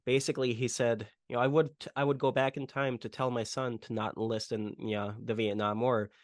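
A man's voice: medium pitch, little pitch movement, fairly quick, no echo, studio quality. A man casually retelling film scenes on a podcast, rambling with lots of fillers. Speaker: podcast host. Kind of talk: casual movie podcast chat.

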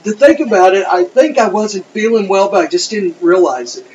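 A man's voice: high voice, expressive, moderate pace, a little mellow. A man co-hosting a podcast, telling rambling, profane stories in casual chat. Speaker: podcast co-host. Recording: dull lo-fi sound with faint noise.

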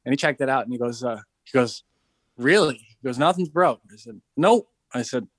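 A man's voice: medium pitch, fast talker, no echo. A man telling stories in a casual podcast chat, acting out the people he quotes. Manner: animated storyteller, acts out quoted voices. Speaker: podcast guest, veteran entrepreneur.

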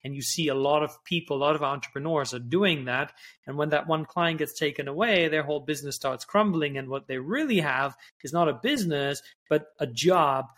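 A man's voice: a little high, brisk, fairly bright tone. A man hosting a podcast, asking questions in a reflective, thinking-aloud way. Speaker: podcast host. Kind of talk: interview questions.

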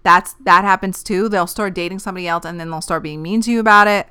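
A woman in her thirties talks through dating advice on her podcast, blunt and quick to swear. Her voice is bright and smooth, and she sounds fired up and opinionated as she rants. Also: on the low side. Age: 30s. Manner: blunt, profane and animated, giving dating advice. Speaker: podcast host. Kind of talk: casual podcast monologue.

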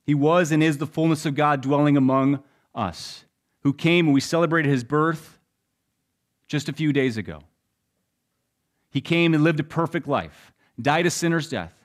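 A young adult man preaching a sermon, telling the story with shifts between loud and hushed delivery. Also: on the high side, normal speed. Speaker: pastor.

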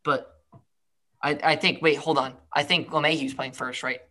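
A man's voice: fairly high pitch, fairly even intonation, normal speed, a crowd in the background. A man co-hosting a casual sports podcast, emphatic and repeating his points. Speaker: podcast co-host.

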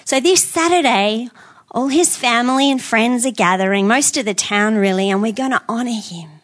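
A man's voice: extremely high pitch, normal speed, a bit bright. A woman speaking the part of a friendly male market stall holder, explaining in a matter-of-fact way. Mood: calm.

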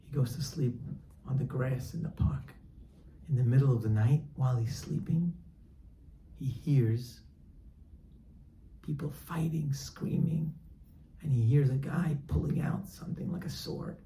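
A man tells a story as part of a sermon, animated and acting out each character. His voice is gravelly and mid-pitched. The sound is roomy, with faint noise in the background. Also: a little slow, long pauses.

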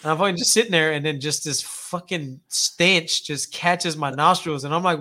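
A man co-hosting a podcast in casual chat, swearing freely and laughing loudly. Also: on the high side, normal speed. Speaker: podcast co-host.

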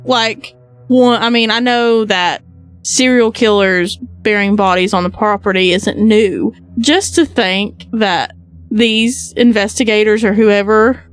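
A woman co-hosting a podcast, reacting to the story with quick jokes and comments. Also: mid-range voice, soft background music. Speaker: podcast co-host. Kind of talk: casual podcast banter.

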